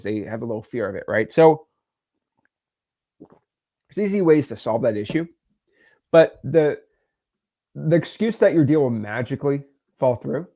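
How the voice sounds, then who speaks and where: A man hosting a blunt, animated coaching monologue, often tagging his points with "right?". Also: mid-range voice. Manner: blunt, animated, talks to the viewer, frequent "right?" tags. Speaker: host.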